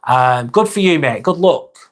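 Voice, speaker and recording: A man in his forties hosts a casual livestream, chatting loosely, swearing now and then, and reading viewer comments aloud. His voice is fairly high, with lively intonation and an unhurried pace.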